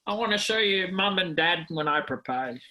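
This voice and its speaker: A man's voice: high voice, lively intonation, moderate pace, pushed and bright, voice pushed up, exaggerated voice, low-quality recording. A man putting on a bumbling old Australian grandpa. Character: doddering old grandfather, fussy and helpless.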